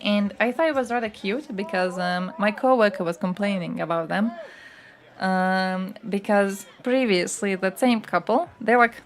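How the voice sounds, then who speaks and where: A woman's voice: mid-range voice, moderate pace. A young woman chatting casually on a livestream, ranting bluntly and swearing often.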